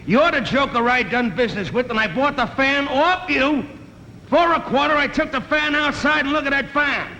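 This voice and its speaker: A man's voice: very high voice, normal speed, pushed and bright, slight background noise, voice pushed up, full character voice. A man doing a brash streetwise tough guy. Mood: indignant. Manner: slangy, pushy, ungrammatical tough talk. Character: brash streetwise man demanding a refund, pushy. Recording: echoey old television broadcast.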